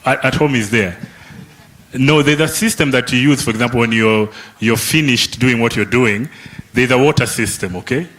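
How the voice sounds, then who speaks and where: Speaking at normal speed in a mid-range, slightly bright voice, a Kenyan man facilitates a youth summit workshop in a conference hall. The interaction is lively: he teases the crowd and adds "eh?" and "okay?" to his questions.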